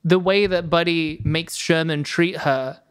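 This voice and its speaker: A woman co-hosting a casual film podcast, earnestly walking through plot points with lots of fillers. Her voice sits a bit low for a woman. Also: fairly even intonation, unhurried, clean tone. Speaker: podcast co-host. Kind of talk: casual film review chat.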